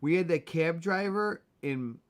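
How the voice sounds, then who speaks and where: Teasing man, slightly high voice. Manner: teasing, quick banter. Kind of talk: casual livestream chat.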